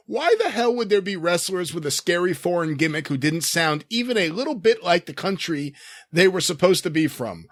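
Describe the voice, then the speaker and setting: A man's voice: on the high side, a little fast, a bit bright, dry recording, clean studio sound. A man co-hosting a podcast, reading a listener's mocking letter aloud with sarcastic delivery.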